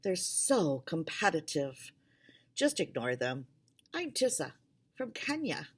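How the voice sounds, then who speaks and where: A gentle girl who leans in and speaks softly, as a woman reading aloud voices her. The tone is low and confiding. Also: very animated, slow, slightly rough, full character voice. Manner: soft, confiding. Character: gentle, soft-spoken girl.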